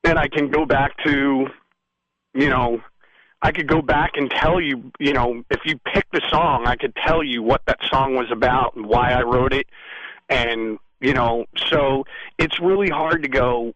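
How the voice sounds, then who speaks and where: Bright, animated man telling stories. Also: medium pitch, a little slow, muffled recording. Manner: rambling, animated storytelling; frequent "you know what I mean". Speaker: musician guest. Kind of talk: casual storytelling interview.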